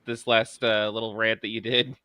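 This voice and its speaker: A man's voice: lowish voice, level tone, normal speed, sharp tone, smooth, dry recording. A man with an Oklahoma accent chatting casually on a podcast, teasing and easygoing.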